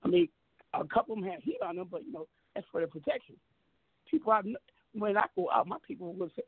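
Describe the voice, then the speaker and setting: A man's voice: high-pitched, big pitch swings, quick pace, vocal fry, slightly rough, no room sound, phone-quality sound. A man telling a heated story on a talk show, boastful, profane and emphatic.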